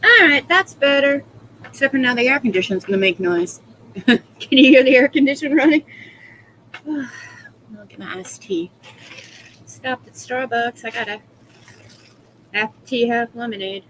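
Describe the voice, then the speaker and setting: A woman's voice: fairly high pitch, animated, measured pace, pauses often, fairly bright tone, a little hiss or hum, rough recording. A woman chatting casually on a live stream from home, congested from a head cold, rambling and laughing often as she greets viewers by name. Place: small room at home.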